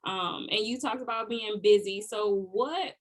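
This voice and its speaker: Lively woman podcast co-host. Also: medium pitch, a little slow. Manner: lively, laughs often, says "like" a lot. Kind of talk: casual chat.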